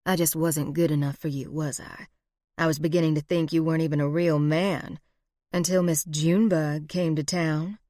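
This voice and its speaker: A woman's voice: sits low, fairly even intonation, dark tone, dry recording, studio quality, lightly acted. Sly flirtatious outlaw woman, purring and mocking, read by a woman narrator. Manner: purring, teasing, slow drawl.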